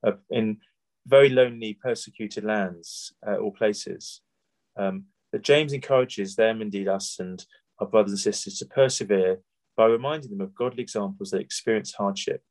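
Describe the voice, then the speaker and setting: A man's voice: fairly low pitch, a little mellow. Conversational British preacher, a man. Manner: conversational, asks rhetorical questions, frequent restarts. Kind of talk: sermon.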